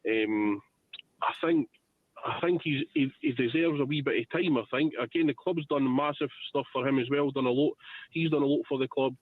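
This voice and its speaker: A Scottish man calls in to a radio show over a tinny telephone line. He is hesitant, restarting his sentences and scattering fillers as he goes. His voice sits at an ordinary middle pitch, dry and close. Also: normal speed, no echo. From Scotland. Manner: hesitant, many restarts and fillers, says "wee" and "ken". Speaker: radio phone-in caller. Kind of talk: casual call-in opinion.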